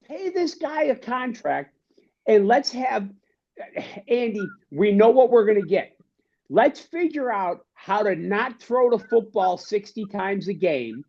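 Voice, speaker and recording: A man's voice: sits high, expressive, takes it slowly, a little mellow. A man co-hosting a sports talk show, ranting in a fired-up way and repeating himself. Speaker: co-host. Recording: dull lo-fi sound.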